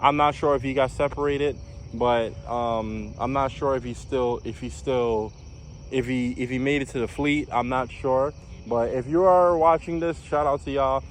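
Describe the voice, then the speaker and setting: A man's voice: mid-range voice, fairly even intonation, normal speed, a little hiss or hum. A young man from New York, a former navy recruit, telling his story in a casual vlog with lots of fillers and restarts. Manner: rambling, many fillers and restarts.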